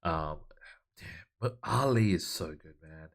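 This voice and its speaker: A man gives relaxed, conversational co-commentary over a wrestling management game. His voice sits very low. He talks in an easygoing, chatty manner. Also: unhurried. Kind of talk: casual let's play commentary.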